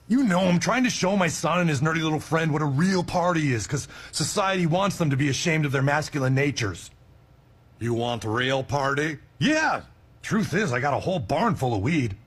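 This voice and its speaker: A man voicing a loud, boastful male cartoon tough guy with a put-on Italian-American gangster accent. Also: a little high, animated, moderate pace. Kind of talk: animated TV cartoon acting.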